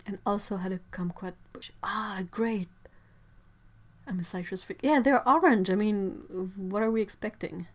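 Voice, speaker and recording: A young woman with a stuffy nose, hosting a casual livestream from her home art studio. She chats and giggles, reads out viewer comments, and trails off into soft asides. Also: medium pitch, normal speed, hardly any pauses. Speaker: livestream host.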